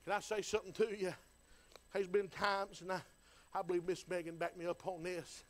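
Preacher guy, real high voice, folksy and fired up, church sermon. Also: flat delivery, moderate pace. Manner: folksy, fervent preaching with rising intensity. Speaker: pastor.

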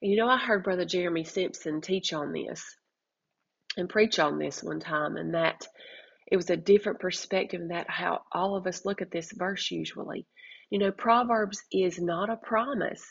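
A woman's voice: fairly low pitch, moderate pace, creaky, slightly rough, highs cut off. A middle-aged woman hosting a faith-based parenting podcast, telling an earnest, heartfelt testimony with restarts and emphatic rises. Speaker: podcast host.

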